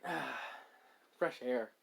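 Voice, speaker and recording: A man's voice: mid-range voice, extremely slow, gravelly, fairly bright tone, slightly rough, pitched below the performer's own voice, heavily acted. A man voicing a cocky young male hero reborn as a slime, casual and slangy in an amateur storytelling.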